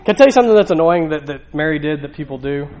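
High-voiced male pastor preaching. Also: animated, racing, a little mellow, slight background noise, low-quality recording. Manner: conversational, with emphatic repetition and rhetorical questions. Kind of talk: sermon. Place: church.

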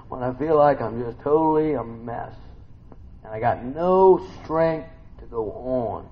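A man giving an informal sermon to a small group. He keeps asking the listeners questions and swings between soft murmurs and loud bursts. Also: mid-range voice, slow pace, pauses often. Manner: conversational, asks the listeners many questions. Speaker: preacher. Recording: slightly dull recording with faint noise.

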